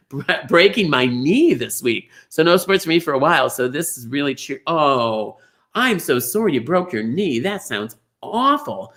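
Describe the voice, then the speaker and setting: A middle-aged man hosting a live online bingo show, gushing over viewers' names with sudden high squeals. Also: sharp tone. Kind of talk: live-streamed chatty greetings to viewers.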